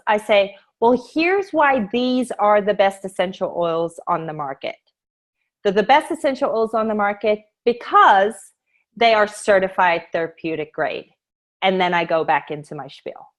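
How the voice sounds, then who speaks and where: Brisk chatty woman giving sales training. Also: mid-range voice. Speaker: essential oils sales trainer. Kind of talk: casual screen-share training talk.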